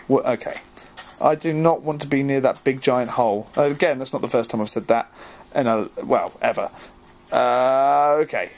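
A young man giving casual, excitable let's-play commentary, joking at his own expense and easily flustered as he plays. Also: mid-range voice, normal speed, a little hiss or hum. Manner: excitable, jokey, easily flustered, self-mocking. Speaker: gaming video host.

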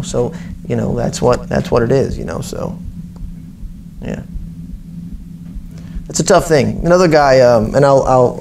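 A man's voice: medium pitch, vocal fry, a little mellow, a little hiss or hum. A man, an Islamic teacher, telling stories in conversation, often restarting his sentences and acting out dialogue. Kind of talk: conversational storytelling.

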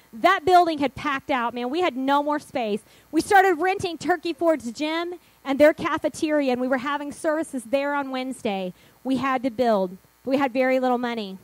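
High-voiced woman pastor telling a story. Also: no room sound, rough recording. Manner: animated storytelling, acting out quotes. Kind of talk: sermon storytelling.

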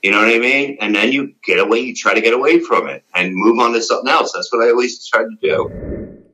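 A man's voice: mid-range voice, brisk, pushed and bright, poor audio. A middle-aged man telling a rambling, profane story in casual conversation, with lots of fillers. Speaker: former radio show regular, guest.

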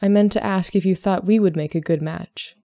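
A woman voicing a reserved, solemn young Regency gentleman who speaks plainly and politely. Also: fairly low pitch, fairly even intonation, fairly quick, no room sound, natural voice.

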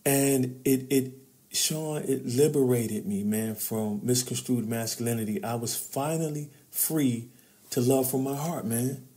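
A middle-aged man speaks as a podcast guest in a warm, mellow voice. He talks like a preacher, calling the host brother and building to emphatic peaks. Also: medium pitch, a little slow. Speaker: author and men's trainer, guest. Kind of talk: podcast interview.

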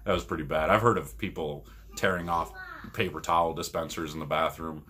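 A man's voice: a bass voice, fairly quick. A man from Michigan, a podcast co-host, rambling through casual stories and laughing often. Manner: rambling, laughs often, animated when retelling arguments. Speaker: podcast co-host and pro bowler. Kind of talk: casual storytelling.

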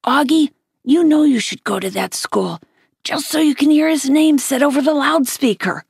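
A woman reading the part of a playful, joking father who teases excitedly. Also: high-pitched, a little slow, gravelly, no room sound, studio quality, pitched above the performer's own voice, heavily acted. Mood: teasing. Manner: excited, teasing.

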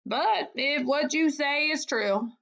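Areath, a woman reading as a gruff old porcupine. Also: high voice, takes it slowly, fairly bright tone, voice pushed up, exaggerated voice. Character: grumpy old male porcupine.

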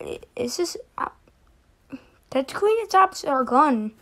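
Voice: sits high, big pitch swings, a little slow, a bit bright. A reaction video host giving casual commentary, stammering and swearing in exasperation.

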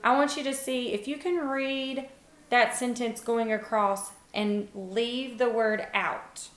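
Young woman teacher, fairly high voice, unhurried encouraging phonics lesson, roomy echo. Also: fairly even intonation, a bit bright. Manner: slow, encouraging, sounds words out with pauses. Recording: echoey room.

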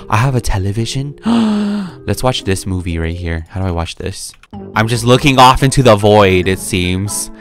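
A man's voice: medium pitch, a bit bright. A man hosting a gameplay video, chatting casually and playfully, with frequent gasps and laughs. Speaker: gaming video host.

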